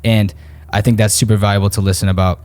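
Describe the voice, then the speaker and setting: A man's voice: on the low side, level tone, fast, darkish tone. A man co-hosting a podcast who explains the lessons in a rambling, laid-back way. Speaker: podcast co-host. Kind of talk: casual podcast chat.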